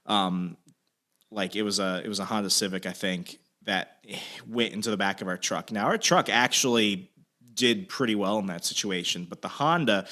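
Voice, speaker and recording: A bright, forceful young man tells a story in loose, casual chat. He swears freely and acts out the quoted lines with energy. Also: lowish voice. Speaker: podcast co-host telling a story.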